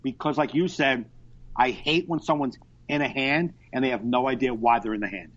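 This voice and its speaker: A man chatting on a podcast over a video call, telling stories in an animated, profane way. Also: mid-range voice, moderate pace. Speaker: podcast co-host. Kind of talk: casual podcast chat. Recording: dull lo-fi internet call.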